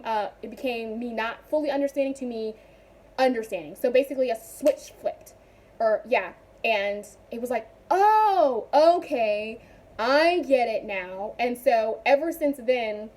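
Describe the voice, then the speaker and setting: A young woman chatting casually in a vlog, animated and rambling with frequent asides. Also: on the high side. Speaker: vlogger.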